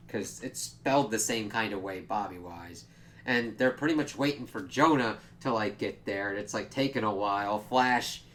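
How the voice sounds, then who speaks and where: A man with a mid-range, fairly bright voice gives a casual, rambling spoken review of a comic book. He swears freely, leans heavily on fillers, and acts out the characters' reactions as he quotes them.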